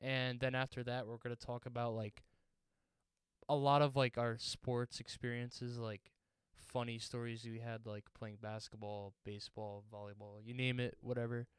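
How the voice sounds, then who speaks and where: Give me a laid-back young male podcast co-host with a very clear, crisp voice. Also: mid-range voice, level tone, normal speed, no room sound. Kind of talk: casual chat.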